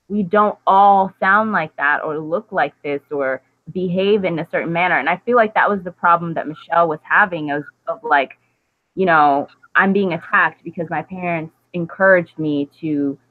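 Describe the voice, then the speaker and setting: A young woman talks casually on a video call, full of "like" fillers. Her voice sits fairly low and comes through a thin, phone-like line. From United States. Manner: chatty, many "like" fillers. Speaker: book club host. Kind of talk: casual group video chat. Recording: tinny phone-like call audio.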